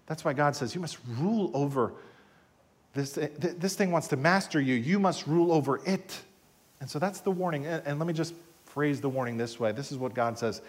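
A man preaching a sermon as pastor, animated, swinging between soft, quiet asides and loud emphatic rises. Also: on the high side, brisk.

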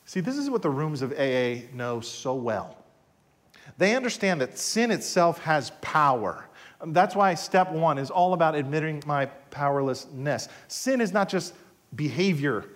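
A male pastor delivers a sermon in a slightly high, very lively voice. He swings between hushed, intimate asides and loud, emphatic rises. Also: unhurried. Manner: animated preaching with sudden soft drops and loud rises.

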